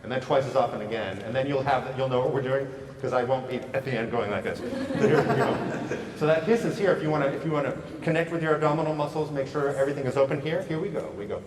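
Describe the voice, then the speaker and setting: A man leading a choir through warm-up exercises, upbeat and encouraging, heard from a distance in a large echoey hall. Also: mid-range voice, a crowd in the background. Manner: upbeat, encouraging, quick praise. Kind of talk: choral warm-up instruction. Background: choir singing along.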